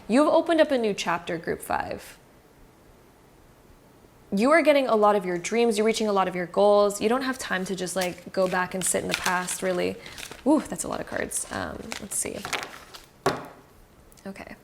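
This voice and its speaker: A woman's voice: mid-range voice, normal speed, gravelly, long pauses, a little hiss or hum. A woman giving a casual, reassuring tarot card reading, speaking straight to the viewer with frequent fillers.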